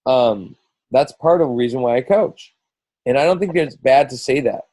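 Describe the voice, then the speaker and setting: Rambling middle-aged man, dark dry voice. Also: medium pitch, normal speed, no room sound, poor audio. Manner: rambling, full of restarts and quoted asides. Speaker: team coach leading a group call. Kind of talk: casual coaching talk.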